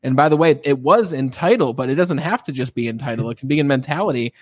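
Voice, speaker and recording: A man hosting an interview, telling stories in a casual, animated way and often checking in with his guest. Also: medium pitch, fast, dry recording. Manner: animated storyteller, frequent tag questions. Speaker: podcast host.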